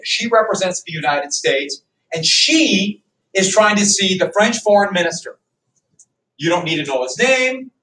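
A man teaching a history class, loud and animated, cracking jokes in a classroom. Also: sits high. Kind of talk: classroom lecture. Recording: echoey classroom from far off.

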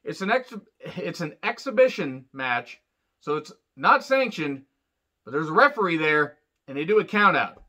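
A man's voice: a little high, very animated, moderate pace, pushed and bright. A man giving a casual, profane, sarcastic rant reviewing a show, rambling loosely as he talks. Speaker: wrestling reviewer. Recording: dull lo-fi sound.

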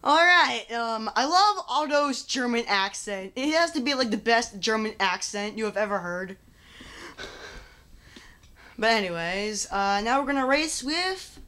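A young adult playing a racing game and commenting in an excitable, exclaiming way. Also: medium pitch, unhurried, clean tone. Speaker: game player. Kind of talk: let's play commentary.

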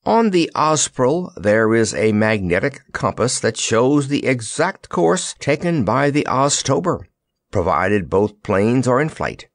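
A man voicing a small, fussy, excitable wizard in a storybook reading, puffing out his words. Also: mid-range voice, dry recording, clean studio sound, pitched above the performer's own voice. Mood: brisk. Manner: puffing, quick exclamations.

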